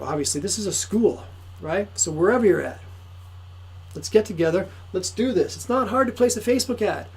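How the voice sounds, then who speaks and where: A man giving an excitable, repetitive motivational sales pitch to camera for his course. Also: breathy edge, poor audio. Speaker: course promoter.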